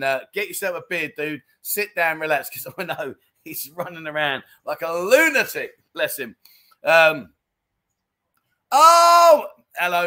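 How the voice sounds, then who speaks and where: A man's voice: fairly high pitch, sharp tone. A man hosting a casual livestream, reading out viewer comments with jokey, self-mocking, chummy banter. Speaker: livestream host.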